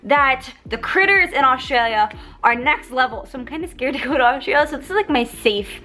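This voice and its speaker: Young American woman, beauty vlogger, high and bright, giggly casual chat. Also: expressive, fairly quick, faint music behind. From United States. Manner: bubbly, chatty, giggly. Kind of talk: casual product review vlog.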